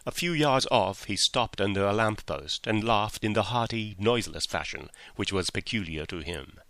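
A man narrating a classic story in measured audiobook style. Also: on the low side, fairly bright tone, no room sound.

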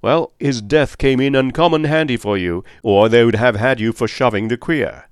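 A man voicing a gruff, good-humoured middle-aged police captain who talks in a bluff, bantering way. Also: medium pitch, normal speed, no echo, clean studio sound, close to an everyday voice.

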